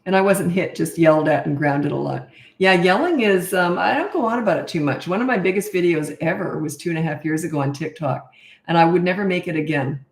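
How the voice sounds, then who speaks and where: A woman's voice: lowish voice, fairly quick. A middle-aged woman from Canada, a parenting coach answering viewer questions in a blunt, matter-of-fact casual chat. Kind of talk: casual livestream Q&A. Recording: echoey room.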